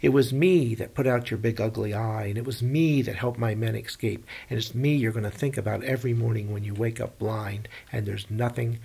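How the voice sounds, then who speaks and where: Man playing a loud boastful hero king in a storytelling, taunting and shouting, husky gravelly tone. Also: mid-range voice, fairly even intonation, moderate pace, hardly any pauses.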